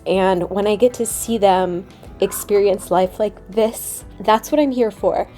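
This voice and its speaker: A woman's voice: mid-range voice, measured pace, dark tone, faint music behind. A young woman hosting a vlog, giving a tender, emotional voiceover with a gushing, heartfelt manner. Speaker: vlog host. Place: voiceover recorded separately from footage.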